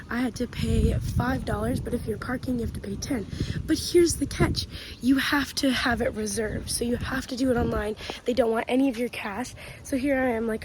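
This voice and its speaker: Chatty young woman vlogging outdoors, kinda high voice, wind blasting the phone mic. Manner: chatty, talks straight to the camera. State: out of breath while climbing. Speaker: travel vlogger. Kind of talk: casual vlog narration while hiking. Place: outdoors on a windy mountain trail.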